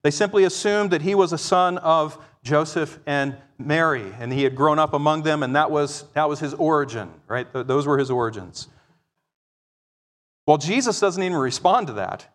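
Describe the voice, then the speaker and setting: A man preaching with a fairly high voice that rings with a long reverb through a large hall. He swings between loud, emphatic declarations and quiet, explaining asides. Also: lively intonation, normal speed. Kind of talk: sermon.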